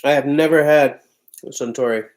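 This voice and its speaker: A man hosts a livestream from his home, chatting in a loose, offhand manner as he reads out what viewers write. His voice sits at an ordinary middle pitch. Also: steady tone, moderate pace. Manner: loose, chatty and offhand, often breaking into laughter. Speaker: livestream host. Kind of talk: casual chat reading out viewer comments.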